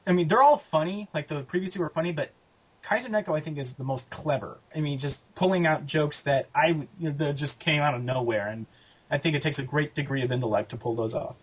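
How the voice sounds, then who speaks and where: Husky man rambling through interview answers. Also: on the high side, dull audio. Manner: rambling, halting, with many fillers and restarts. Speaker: abridged series creator and voice actor.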